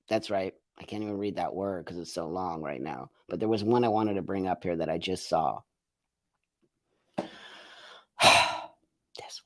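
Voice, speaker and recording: A man's voice: a little high, a bit bright. A man hosting a live stream, talking to viewers and reading their comments in an emphatic, indignant way, repeating phrases for effect. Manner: indignant, ranting. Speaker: host of a live show.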